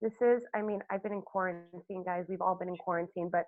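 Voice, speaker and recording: A woman's voice: lowish voice, steady tone, fast, no room sound. A woman hosting a podcast interview in casual chat, gushing and rambling with lots of fillers. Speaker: podcast host. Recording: dry, tinny phone-like line.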